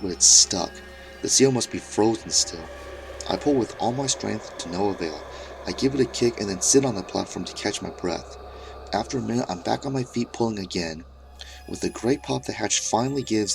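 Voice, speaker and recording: Male horror narrator, low voice with vocal fry, measured first-person reading. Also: a little hiss or hum. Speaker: storyteller.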